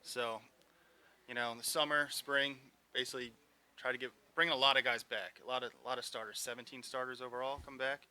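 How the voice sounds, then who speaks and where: A male football coach talking plainly about his team, using short, practical answers. His voice is strikingly bright and sharp. His pitch sits in an ordinary middle range. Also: fairly even intonation, fairly quick, clear, resonant tone. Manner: matter-of-fact and plain-spoken. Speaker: high school football coach. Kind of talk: casual interview answers.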